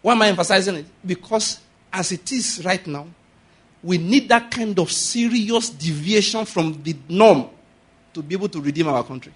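Husky man preaching. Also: moderate pace. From Nigeria. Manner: preaching with sudden rises to loud, high emphasis and laughter. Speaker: pastor. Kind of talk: sermon.

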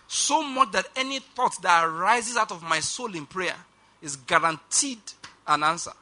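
Bright high-voiced male preacher. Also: lively intonation. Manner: emphatic, slows down for quoted scripture; rushed asides, calls on congregation to repeat. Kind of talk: sermon.

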